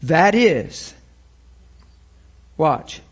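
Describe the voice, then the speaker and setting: A man's voice: fairly high pitch, very animated, very slow, breathy edge. A man preaching a sermon with passion, firing rhetorical questions and acting out the scenes he describes.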